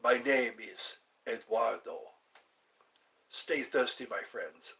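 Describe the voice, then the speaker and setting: A man's voice: medium pitch, slow, creaky, pushed and bright, pitched below the performer's own voice, heavily acted. A man putting on suave Eduardo. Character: suave deep-voiced adult man named Eduardo.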